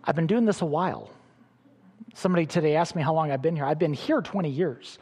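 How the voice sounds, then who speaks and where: A middle-aged man preaching a sermon as pastor, animated, with sudden loud bursts and soft drops. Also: fairly high pitch, fast talker, breathy edge, in a large hall.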